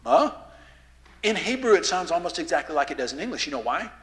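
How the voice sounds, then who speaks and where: A man with a Southern drawl giving a lively, folksy lesson to a youth rally in a church, quizzing the crowd as he goes. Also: a little high, quick pace, in a large hall. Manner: asks the crowd questions, folksy and animated. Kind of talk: lively teaching talk to teens. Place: church hall, live audience.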